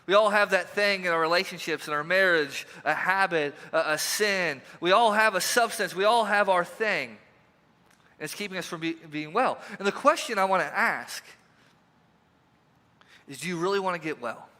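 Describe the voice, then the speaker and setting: High bright-voiced pastor preaching. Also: male voice, normal speed. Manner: conversational, repeats rhetorical questions, joking asides. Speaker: lead pastor. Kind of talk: sermon. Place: church sanctuary. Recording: long hall reverb.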